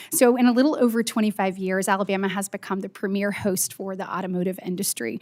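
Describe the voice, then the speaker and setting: A woman, a senator politely and earnestly questioning a witness at a hearing. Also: medium pitch.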